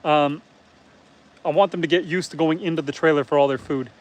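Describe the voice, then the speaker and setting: A man's voice: a little high, steady tone, a little fast, dull audio. A man chatting casually on a live stream outdoors on his farm, explaining his chores as he works. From Canada. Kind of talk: casual live-stream chat, reading viewer comments. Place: outdoors on a farm near a truck and pigs.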